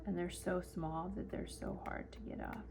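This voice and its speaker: A lower-voiced middle-aged woman talks in a chatty, animated way, acting out the voices in her own story. She is recorded on a desk camera mic at home, with a faint hum of room noise behind her. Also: moderate pace, vocal fry. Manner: animated, acts out quotes with laughter. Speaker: planner vlogger. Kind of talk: chatty storytelling while decorating a planner.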